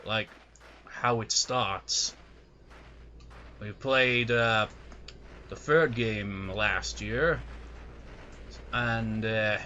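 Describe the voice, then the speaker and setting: A man's voice: on the low side, fairly even intonation, extremely slow, pauses often, bright, forceful tone. A man with an American accent giving casual let's play commentary, rambling with lots of "like" and "uh". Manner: rambling, full of "like" and "uh". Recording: dull lo-fi mic with clear noise.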